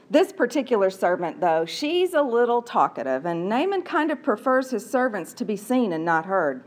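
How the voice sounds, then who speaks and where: Animated, conversational woman preacher. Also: fairly high pitch, moderate pace. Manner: animated, conversational, playful asides. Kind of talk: storytelling sermon.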